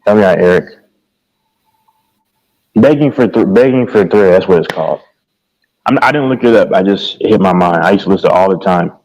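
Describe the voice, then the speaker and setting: A man's voice: low voice, fast, a little mellow, poor audio. Rambling man chatting about music. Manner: rambling, searching for names, repeats words. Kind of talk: casual chat about music.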